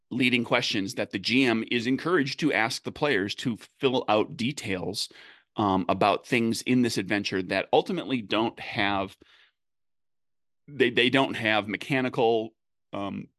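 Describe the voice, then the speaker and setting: A man with a lowish voice talks game design in loose, halting sentences, circling back and restarting as he thinks. The sound is dry and close, with no room around it. He keeps it conversational, like a podcast chat. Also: a bit bright, no room sound. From United States. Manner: halting, many restarts and fillers. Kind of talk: casual panel chat.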